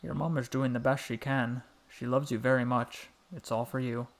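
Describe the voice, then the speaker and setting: A man voicing a small, gentle and wise male frog who speaks softly and protectively. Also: medium pitch, level tone, normal speed, close to an everyday voice. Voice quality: soft little voice. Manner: warm, fatherly, calls the boy "little one".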